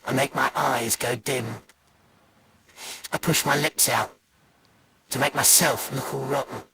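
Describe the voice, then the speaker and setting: Sulky, fry-edged animatronic grumbler for a performer; noisy lo-fi capture. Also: medium pitch, steady tone, unhurried. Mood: grumbling. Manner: grumbling, mock-childish complaining. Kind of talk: fan voice acting of a poem. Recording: noisy hiss.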